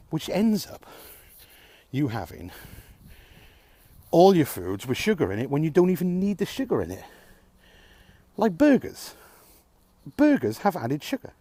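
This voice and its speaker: A man's voice: a little high, mellow, husky. A man talking alone to camera in a frustrated, sarcastic rant, swearing often. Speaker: vlogger. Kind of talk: ranting vlog monologue.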